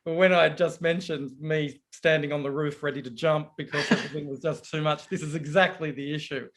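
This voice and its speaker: Animated man, higher voice. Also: fairly quick. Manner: animated, chatty storyteller. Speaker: author being interviewed. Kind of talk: casual conversation on a video call. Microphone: video call.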